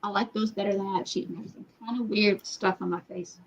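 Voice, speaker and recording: A woman's voice: medium pitch, fairly even intonation. A woman chatting casually, rambling and correcting herself as she talks. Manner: rambling, halting, self-correcting. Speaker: livestream participant. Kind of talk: casual chat. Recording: dull lo-fi audio.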